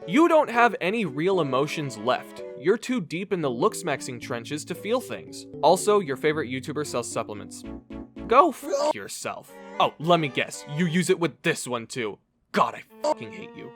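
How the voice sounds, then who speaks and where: A man roasting his audience in a sarcastic comedy monologue, his voice sitting a little high for a man and leaping all over the place, from dry mutters to loud outbursts. Faint music hums underneath. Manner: sarcastic roasting, swinging between flat asides and shouts. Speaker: YouTuber. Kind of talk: scripted comedic commentary.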